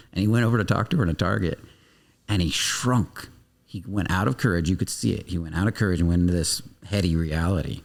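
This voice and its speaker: With a low-pitched, gravelly voice and fairly quick delivery, a guest coach on a podcast speaks intensely. He swears freely and acts out short dialogue scenes in this animated interview.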